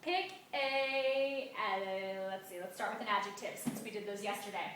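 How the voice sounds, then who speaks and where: A woman teacher giving a grammar lesson, stressing key words with slow, drawn-out emphasis. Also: mid-range voice, little pitch movement, background noise. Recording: echoey room, mic at a distance.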